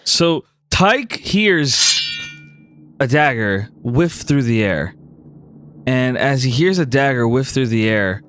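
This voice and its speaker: A man's voice: medium pitch, fairly bright tone. A man narrating a tabletop game as game master in a casual manner, full of fillers.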